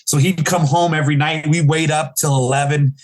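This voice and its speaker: A comedian in his forties from Chicago, telling stories in a casual interview and acting out the people he quotes with big jumps in pitch. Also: fairly even intonation, a little fast. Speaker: guest comedian.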